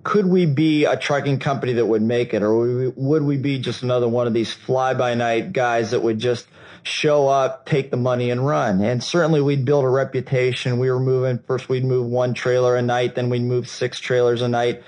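A man giving a storytelling talk at a seminar, animated and acting out the dialogue, with frequent restarts. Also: mid-range voice, moderate pace, poor audio. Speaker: seminar speaker.

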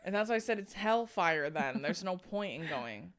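A young woman from Southern California co-hosting a podcast in casual chat, animated and cursing freely as she acts out what other people said. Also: on the low side, moderate pace. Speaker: podcast co-host.

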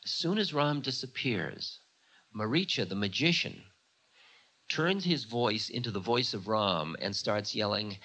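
Animated man telling an old tale. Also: lowish voice, measured pace. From United States. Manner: animated, chatty, full of asides. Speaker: spiritual teacher. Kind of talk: storytelling talk.

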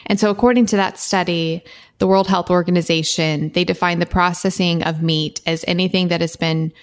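A woman with a fairly low voice talks on a podcast. She reads her own writing aloud, earnest and impassioned, laughing lightly now and then. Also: steady tone, fairly quick. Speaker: podcast co-host. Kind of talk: casual podcast chat, reading her own blog post aloud.

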